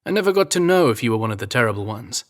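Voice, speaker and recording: A man's voice: mid-range voice, sing-song, rapid-fire, natural voice. A man with an English accent voicing a dry, teasing young royal guard in an audio drama reading. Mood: wry. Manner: wry, dry humour.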